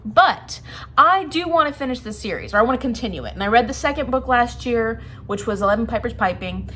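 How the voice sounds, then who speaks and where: A woman's voice: a little high, lively intonation, a little fast, bright, forceful tone, slightly rough. Chatty woman book vlogger, laughing often. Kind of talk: casual chat.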